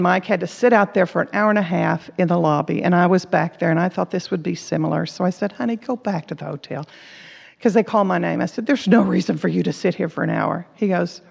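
A woman's voice: mid-range voice, creaky. A woman preaching a sermon, earnestly telling personal stories and acting out the dialogue in them. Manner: earnest, acts out quoted dialogue. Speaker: Bible teacher. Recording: echoey hall, dull lo-fi sound.

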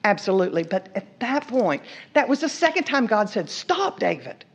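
A woman preaching a sermon, telling the story with lively asides, acting out the characters' lines and asking the listeners questions. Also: fairly high pitch, fairly quick. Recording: dull lo-fi recording.

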